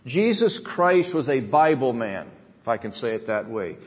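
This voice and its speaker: A male pastor preaches at a middle pitch, letting his phrases climb and press for emphasis before settling back into steady teaching. The recording is muffled and dull, and his voice trails off into a long hall reverb. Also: normal speed, slightly rough. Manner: preaching with rising emphatic cadence. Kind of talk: sermon.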